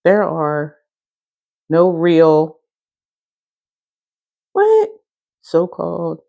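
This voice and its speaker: A woman's voice: low voice, wildly swooping pitch, extremely slow, creaky, dark tone. A woman doing a casual tarot reading, blunt and full of profanity, talking back to her own remarks. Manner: blunt, profanity-heavy, talks back to herself. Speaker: tarot reader.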